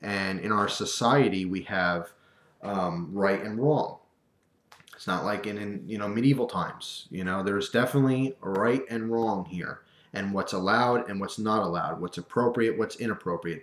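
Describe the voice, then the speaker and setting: A man with a somewhat low voice delivers a casual, animated rant to the camera. He throws in wry asides and slips into quoted voices. The room around him is echoey. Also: normal speed.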